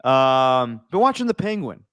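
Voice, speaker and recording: A man co-hosting a casual podcast chat, animated and mocking, tossing in quick impressions. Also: mid-range voice, clear, resonant tone, dry recording. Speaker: podcast co-host.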